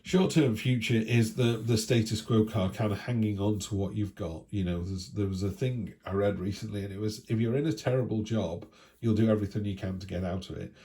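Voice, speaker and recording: Man, deep voice, warm mellow tone, casual tarot reader, rambling chatty delivery, tag questions. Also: fairly even intonation, brisk. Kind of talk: casual weekly tarot reading.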